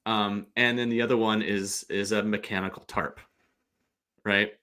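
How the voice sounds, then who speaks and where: A man from the St. Louis area, a podcast guest, telling stories in an animated, rambling way with lots of restarts. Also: on the low side, unhurried, clean tone. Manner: animated, digressive storyteller. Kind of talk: casual chat.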